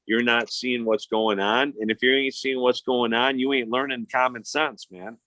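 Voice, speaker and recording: A man's voice: medium pitch, fairly even intonation, moderate pace, pushed and bright, no echo. A man, telling stories in casual, profane, rambling chat as a podcast host. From Chicago. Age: 50s.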